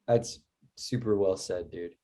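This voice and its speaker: A man's voice: low voice, a little slow, warm tone. A man as a podcast guest, speaking candidly and reflectively in casual conversation.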